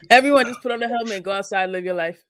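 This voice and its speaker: A woman's voice: on the high side, a bit bright, no echo, clean studio sound. A young adult woman co-hosting a casual morning show, joking around with mock seriousness. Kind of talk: casual chat.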